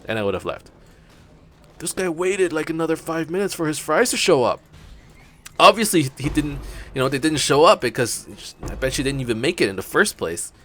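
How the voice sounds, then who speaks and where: A man's voice: medium pitch, fairly bright tone. A young man hosting a let's play, rambling through casual stories with frequent swearing. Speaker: gaming channel host.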